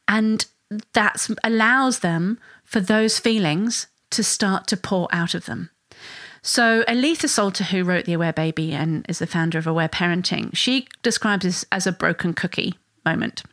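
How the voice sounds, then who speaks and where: A woman's voice: lowish voice, normal speed, a bit bright, no room sound, clean studio sound. A woman hosting a parenting podcast, talking conversationally and sometimes acting out a parent's and a child's voices. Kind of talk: solo podcast explanation.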